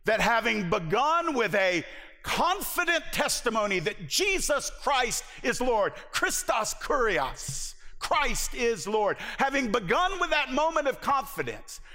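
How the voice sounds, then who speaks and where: A man's voice: very high voice, bright, forceful tone. A man from the Southern US preaching a sermon as pastor, earnest and emphatic. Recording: long hall reverb.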